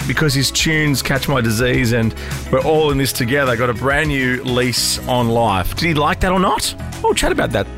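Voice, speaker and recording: A man opens the show in a relaxed, joking tone. His voice sits at an ordinary middle pitch, and a music bed plays clearly under him the whole time. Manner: chatty, jokey and upbeat. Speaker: podcast host. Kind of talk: scripted show introduction.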